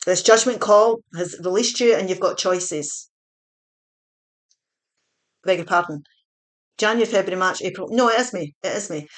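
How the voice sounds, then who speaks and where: Woman, tarot reader chatty, reassuring, mid-pitched, breaks off to fix her slips. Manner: chatty, reassuring, self-correcting. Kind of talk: spoken tarot reading.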